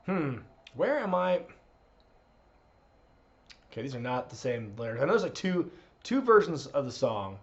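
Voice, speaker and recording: A man's voice: medium pitch, sing-song, normal speed, long pauses, dull audio. A man hosting a live wrestling watch-along stream, chatting casually, laughing, and reading out viewer requests. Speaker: streamer host.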